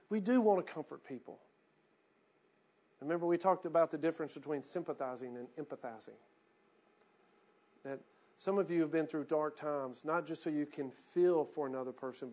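A man preaching a sermon as pastor, going from hushed reflection to rising, emphatic calls. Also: fairly high pitch.

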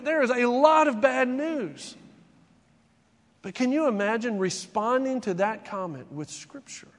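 Pastor preaching in a hall. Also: male voice, very high voice, a bit bright. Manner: conversational preaching, rhetorical questions, acts out imagined dialogue. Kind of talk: sermon. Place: church sanctuary.

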